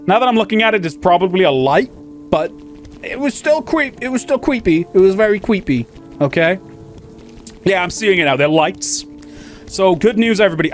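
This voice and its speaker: Man, gameplay commentary, lively swooping pitch, quiet game music behind. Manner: excitable, laughing, chatty asides. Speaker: gaming channel host.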